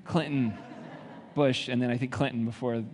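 A male pastor delivers a sermon in a mid-pitched voice and builds up to emphatic rhetorical questions. His voice carries a long reverb, as if he is speaking in a large hall. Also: steady tone, moderate pace, a little mellow, slight background noise.

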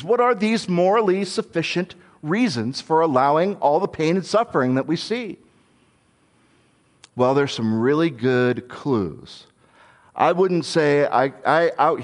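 A man giving a conversational sermon, earnest and candid, thinking aloud as he goes. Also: mid-range voice.

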